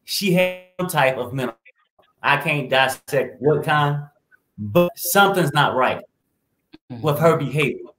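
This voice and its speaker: A man's voice: on the high side, lively intonation, unhurried, a bit bright, reverberant, faint music behind. A man co-hosting a casual chat, giving his opinions at length and talking over the others. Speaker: co-host.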